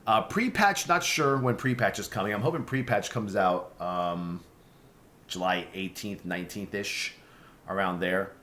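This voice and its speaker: With a little hiss or hum in the audio, a young man speaks in a low, sharp-toned voice without hurrying. A streamer hosting a casual vlog, he rambles and swears, full of fillers and restarts.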